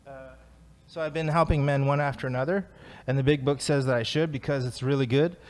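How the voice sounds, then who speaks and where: A man's voice: medium pitch, fairly even intonation, a little fast. A man tells his recovery story to his peers in a loose, chatty way. He pokes fun at himself and laughs often. His voice sits in the middle range for a man. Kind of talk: personal story at a recovery talk.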